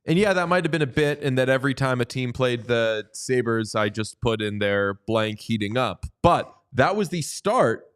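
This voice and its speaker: A man's voice: mid-range voice, lively intonation, normal speed, hardly any pauses, clean tone. A man hosting a sports podcast in casual chat, playful and teasing. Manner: playful, teasing, jumps into sing-song bits. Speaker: podcast host.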